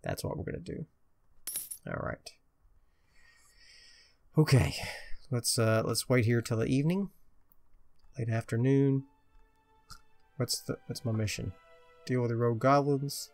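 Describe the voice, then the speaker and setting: A man's voice: mid-range voice, measured pace, creaky, pauses often, a little mellow, faint music behind. A man casually commenting on his own video game play, muttering to himself and joking at his own expense. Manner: chatty, muttering to himself, self-mocking. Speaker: gameplay commentator.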